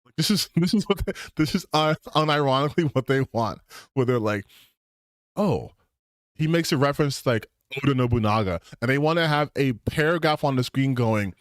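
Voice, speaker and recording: Animated, profane male streamer, dry sound. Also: mid-range voice, brisk, dry recording. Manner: animated and profane, with bursts of excitement. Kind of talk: casual stream rant.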